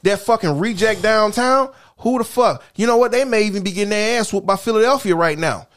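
Guy with a high voice going off, cursing nonstop, heated sports rant, keeps repeating himself. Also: fairly quick, a bit bright. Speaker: podcast co-host. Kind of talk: profane casual sports rant.

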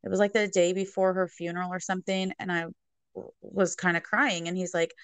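Young woman with a lowish voice, reflective and matter-of-fact, dry close mic. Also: little pitch movement, fairly quick, clear, resonant tone, dry recording. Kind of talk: candid personal conversation.

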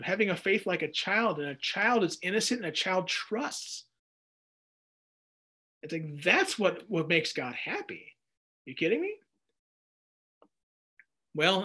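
A man teaching a Bible study in a casual, animated way, reading scripture aloud and breaking in with jokey asides. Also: high voice.

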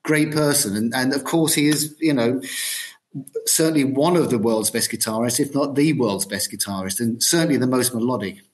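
A middle-aged man, a guitarist and producer, speaking as a guest in a podcast interview, thoughtful and hesitant with frequent pauses. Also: mid-range voice. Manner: thoughtful, hesitant with many ums.

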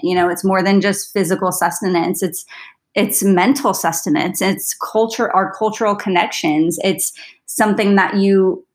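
A woman dietitian co-hosting a podcast in casual, reflective chat full of "like" fillers. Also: mid-range voice. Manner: chatty and reflective, many fillers like "like".

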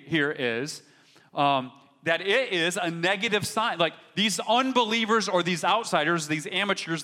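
Man, pastor, sermon, emphatic storytelling, bright voice, echoing church hall. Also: sits high. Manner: storytelling, rising to emphatic peaks.

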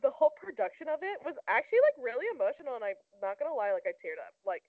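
A woman's voice: high voice, sing-song, fast, dry recording. A young woman co-hosting a casual celebrity gossip chat, talking loosely with lots of "like". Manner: chatty, heavy use of "like". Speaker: co-host. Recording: tinny phone-like sound.

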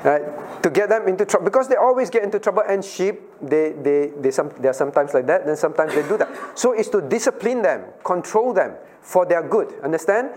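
Male pastor, higher voice, teaching a Bible class and quizzing listeners by name, repeats key points. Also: animated, fairly quick, hardly any pauses, darkish tone, a little hiss or hum. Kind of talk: interactive Bible study teaching.

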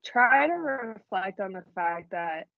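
A woman talks emotionally and animatedly in a relaxed faith chat, and she laughs often. The recording is dry and dull, with no room sound. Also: medium pitch, slow, creaky, no room sound. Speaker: podcast co-host.

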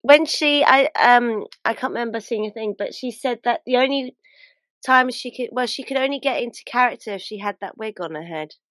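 A woman's voice: fairly high pitch, a little fast, a bit bright, no room sound. Chatty woman, dry close sound. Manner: chatty, rambling, trails off and restarts mid-thought. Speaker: podcast co-host. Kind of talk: casual film chat.

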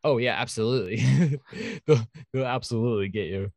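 Man, podcast host, jokey, laughing, medium pitch, dry close sound. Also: normal speed, vocal fry, darkish tone, no echo. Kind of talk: casual podcast chat, reading news.

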